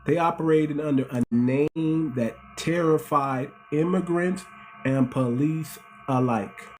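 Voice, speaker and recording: A man's voice: a little high, slow pace, a little mellow, faint music behind. A middle-aged American man hosting a casual livestream, talking animatedly to his audience, repeating himself and calling them family. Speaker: host.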